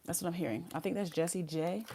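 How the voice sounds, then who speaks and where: Speaking fast in a lowish voice over heavy noise, a woman does a live tarot reading. She chats in casual slang and reads card messages out loud.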